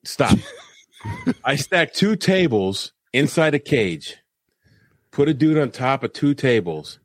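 Laughing former wrestler, mid-pitched man. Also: huge pitch swings, slow pace, no echo, clean studio sound. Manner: laughing, stammering storyteller. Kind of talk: casual podcast chat.

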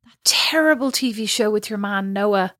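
A woman's voice: medium pitch, moderate pace, fairly bright tone, no echo, studio quality. A woman co-hosting a podcast in casual chat, who rambles and laughs at her own jokes. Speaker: podcast co-host.

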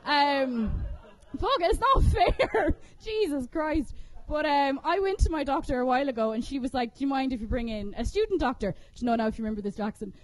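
A woman from Kerry performs a stand-up set in a comedy venue, speaking into a stage microphone. Her voice sits high and bright for a woman. She talks in a chatty, profane, self-mocking way and laughs often between lines. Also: quick pace, no echo. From Kerry, Ireland.

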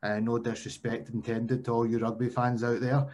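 A man's voice: mid-range voice, flat delivery, normal speed, darkish tone, a little hiss or hum. Chatty Glaswegian man hosting a podcast. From Scotland. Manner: chatty, repeats phrases, calls guest mate. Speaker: podcast host. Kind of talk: casual podcast interview.

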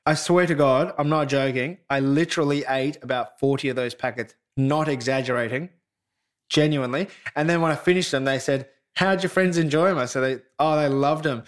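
A man hosting a casual remote podcast chat, telling animated stories with lots of restarts. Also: mid-range voice, brisk. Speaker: podcast host. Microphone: remote call.

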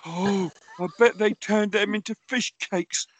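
Playful man, mid-pitched and dry, quick with absurd tales. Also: steady tone, no echo. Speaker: comedy podcast co-host. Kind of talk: improvised comedy chat.

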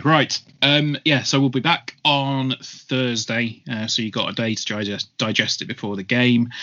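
A man co-hosting a football podcast, chatting casually and laughing often. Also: medium pitch. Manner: laughs often, tells stories with lively voices. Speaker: podcast co-host. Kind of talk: casual chat. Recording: slightly dull lo-fi sound.

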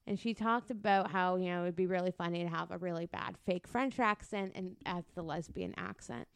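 A woman's voice: on the low side, brisk, vocal fry, clear, resonant tone, no room sound. A woman co-hosting a podcast in casual chat, rambling with lots of fillers and restarts. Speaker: podcast co-host.

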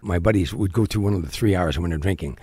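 Older guy rattling off showbiz stories real quick, low voice, lots of "and, and" restarts, dry close mic. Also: breathy edge, no echo. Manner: animated, rapid anecdotes with frequent restarts. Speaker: comedian guest. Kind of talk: storytelling in an interview.

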